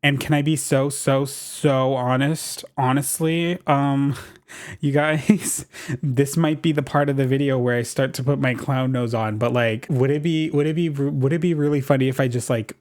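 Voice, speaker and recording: Chatty, excitable man doing gameplay commentary, mid-pitched voice. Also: normal speed. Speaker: gaming YouTuber.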